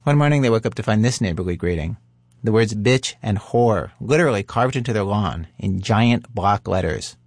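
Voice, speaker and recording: A male podcast host with a fairly low voice. He narrates calmly and asks curious questions. The sound is dry and close. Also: normal speed, dry recording. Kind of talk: narration and interview.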